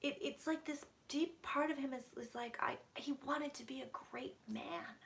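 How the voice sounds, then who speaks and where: Gravelly-voiced woman doing a psychic reading. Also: high-pitched, moderate pace. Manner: intense, drops to whispers, swears freely. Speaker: psychic reader. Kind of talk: live psychic channeling stream. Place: her room at home.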